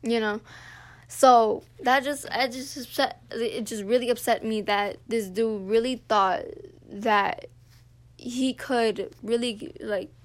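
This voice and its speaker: A woman's voice: on the high side, takes it slowly. Chatty teenage girl telling a story. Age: teens. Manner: animated, heavy use of "like", swears freely. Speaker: podcast host. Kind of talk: casual storytelling rant.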